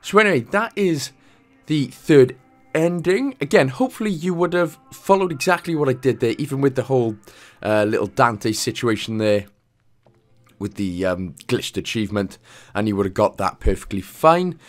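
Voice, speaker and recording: A man's voice: medium pitch, lively intonation, normal speed, soft background music. A man hosting a game walkthrough in casual commentary, chatty and jokey, drifting into playful asides.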